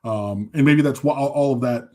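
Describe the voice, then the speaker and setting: A man's voice: medium pitch, moderate pace, darkish tone. A man co-hosting a sports podcast, talking in a casual, emotional, rambling way with many restarts. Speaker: podcast co-host.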